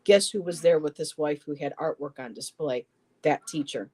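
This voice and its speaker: Mellow-voiced woman telling a halting personal story. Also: deep voice. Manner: halting, with frequent "you know" and restarts. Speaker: poetry show co-host. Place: home, on a live stream.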